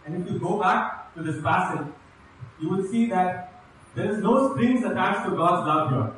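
A man's voice: high-pitched, expressive, normal speed, fairly bright tone, a little hiss or hum. A man preaching a sermon, reading scripture aloud and explaining it in an earnest voice that rises on repeated invitations. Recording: very echoey room, voice far from mic.

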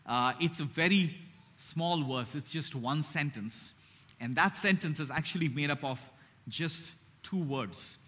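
An earnest male preacher with a slightly high voice delivers a sermon. He speeds through asides and then slows to a soft hush for his main points. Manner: earnest, slows and drops to a hush on key phrases. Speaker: pastor.

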